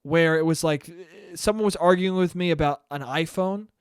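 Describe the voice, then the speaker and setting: A man's voice: fairly high pitch, normal speed, clean tone, no echo, clean studio sound. A man in his twenties hosting a casual solo podcast, rambling and self-deprecating, swearing freely. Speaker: podcast host.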